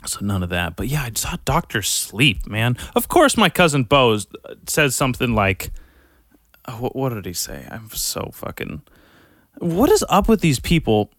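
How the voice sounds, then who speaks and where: A man's voice: medium pitch, very animated, unhurried, a bit bright, dry recording, clean studio sound. A young man hosting a podcast, rambling and ranting in a casual monologue, swearing constantly and sounding exasperated. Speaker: podcast host.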